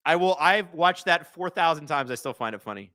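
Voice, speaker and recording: A man hosting a live watch-along stream with a bright, somewhat high voice. His pitch swings widely as he jokes and reads viewers' chat. The delivery is excitable and conversational. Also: brisk. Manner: excitable, joking, chats with viewers.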